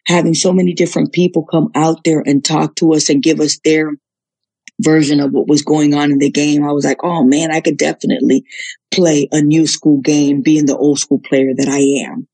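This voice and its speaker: Husky woman telling a lively story. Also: low-pitched, moderate pace. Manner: animated, swears casually, acts out quotes. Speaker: guest, former reality show contestant. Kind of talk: casual storytelling interview.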